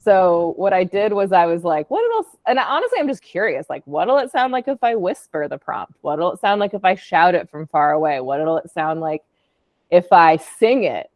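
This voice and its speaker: A woman's voice: fairly low pitch, dry recording, muffled recording. A woman, an audio artist, casually presenting her work on a call in a chatty, upbeat way with lots of fillers. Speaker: podcast producer and audio artist.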